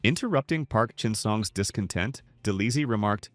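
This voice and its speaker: A man narrating a comic recap in a steady, dramatic storytelling manner. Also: medium pitch, a little fast, hardly any pauses, dry recording.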